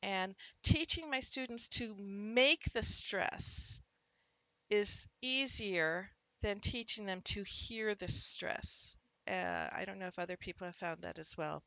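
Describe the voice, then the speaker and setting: A woman with a bright, clear voice walks teachers through a literacy lesson. She punches out syllables to show stress and calls the example words out loud. The sound is close and dry, with no room echo. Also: mid-range voice, slow pace. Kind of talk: instructional talk to teachers.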